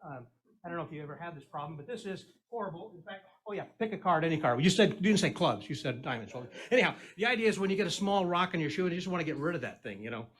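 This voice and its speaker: A man's voice: on the high side, animated, racing, fairly bright tone. A man doing a comedy magic act on a live stage, trading corny puns and banter with the audience. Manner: corny punning patter, chatty, teasing the crowd.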